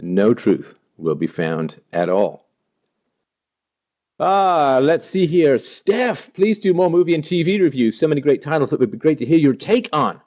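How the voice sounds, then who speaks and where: A man's voice: on the high side, very animated, measured pace, darkish tone, dull audio. A man hosting a casual live stream, playfully greeting viewers by name and joking as he reads the chat. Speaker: livestream host.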